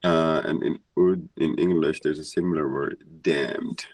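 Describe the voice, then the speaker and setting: Urdu-native man teacher, very deep and dry, halting delivery. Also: steady tone, a little mellow, no echo. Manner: halting, restarts mid-phrase. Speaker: class host and teacher. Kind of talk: guiding a language lesson.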